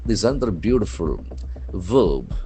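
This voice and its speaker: Teacher with a lively low voice. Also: male voice, normal speed, slight background noise. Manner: spells words letter by letter and repeats them for practice. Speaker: English language trainer. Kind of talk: newspaper vocabulary lesson.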